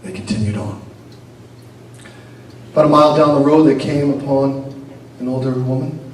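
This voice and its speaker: A rabbi telling a teaching story in an animated way, with a few Yiddish words mixed in. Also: male voice, mid-range voice, moderate pace. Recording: very echoey room, distant mic, noisy.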